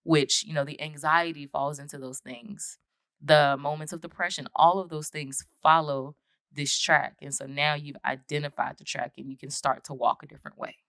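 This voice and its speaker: A woman's voice: low voice, fairly even intonation, normal speed, a bit bright, dry recording, studio quality. A woman from the United States, a podcast guest, telling her personal story in an earnest way and acting out past conversations. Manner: earnest, reenacts past conversations in quoted voices.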